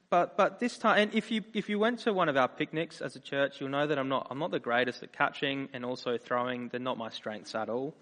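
A man preaching a sermon, earnest in his appeals and animated when he tells personal stories. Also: a little high. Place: church. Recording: reverberant church hall.

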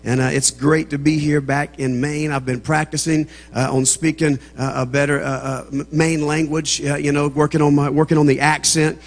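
This Southern American guest preacher has a fairly high, level voice, moving at a moderate pace with few pauses. His humorous sermon opening has the congregation laughing before it builds into fervent preaching, all ringing with long church reverb in the sanctuary.

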